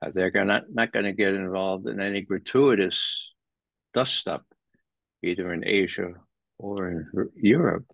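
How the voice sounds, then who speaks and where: A man commenting as a guest in an interview, animated and sardonic, rising sharply in pitch when he stresses a point. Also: moderate pace, vocal fry, no room sound. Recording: dull lo-fi dry sound.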